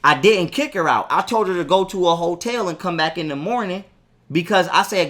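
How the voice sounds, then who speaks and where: High-voiced man telling a heated story. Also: animated, brisk, a bit bright. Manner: heated, profane, quotes his own arguments. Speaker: interview guest. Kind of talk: casual storytelling interview.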